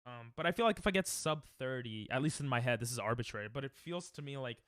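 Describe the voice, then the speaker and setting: A young man chatting casually and excitably while he streams a speedrun, joking and breaking into laughter. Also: medium pitch, fast, no room sound. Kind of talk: casual gaming stream chat.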